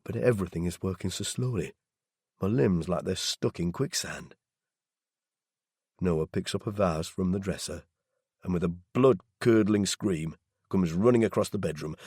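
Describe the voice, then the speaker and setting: A man narrating a first-person audiobook with tense, low intensity. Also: normal speed, slightly rough, no room sound, studio quality.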